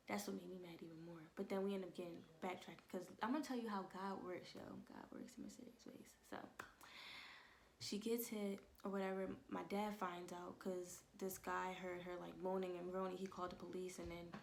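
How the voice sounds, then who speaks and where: A young woman vlogging at home, telling an emotional personal testimony in a casual way and often dropping into soft whispers. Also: mid-range voice, creaky, slight background noise.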